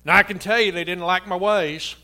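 A man's voice: high voice, fairly even intonation, fairly quick, pushed and bright. A man in his sixties, a pastor preaching a sermon in a church and telling personal stories in a folksy, chuckling way. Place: church sanctuary.

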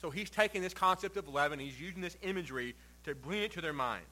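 A male pastor preaching a sermon, reading scripture aloud and then explaining it with swings between quiet and forceful emphasis. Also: on the high side, lively intonation, fast talker, poor audio. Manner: reads scripture then preaches with shifting loud and soft emphasis.

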